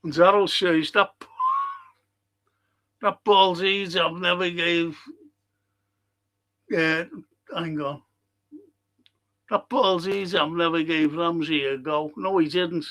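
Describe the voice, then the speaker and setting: A man hosting a live football watchalong, reading chat messages aloud and answering them in a blunt, sweary, quick-tempered way. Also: a little high, steady tone, a bit bright.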